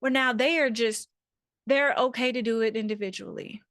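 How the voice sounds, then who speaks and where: High-voiced woman leading an online workshop. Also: fairly even intonation, normal speed, a bit bright, no echo, clean studio sound. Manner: conversational, keeps checking in with listeners. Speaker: workshop facilitator. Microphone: video call.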